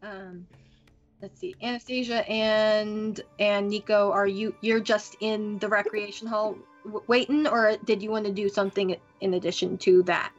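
A woman's voice: mid-range voice, fairly even intonation, moderate pace, soft background music. A woman narrating as game master of a tabletop game, hesitant with many fillers. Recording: muffled lo-fi audio.

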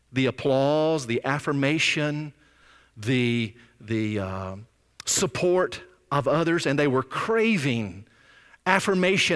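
A man's voice: mid-range voice, a bit bright. A man preaching a sermon as pastor, with dramatic rises and drops in volume. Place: church sanctuary. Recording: long reverb of a church sanctuary.

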